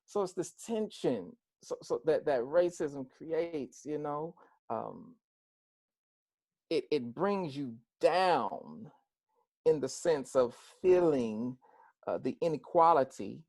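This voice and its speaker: An American man, a pastor, speaking earnestly to a group over a video call, repeating words for weight and slowing down to stress his points. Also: a little high, lively intonation, gravelly, darkish tone, no room sound. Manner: slows down to stress points, with some fillers and restarts. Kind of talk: personal talk to a group.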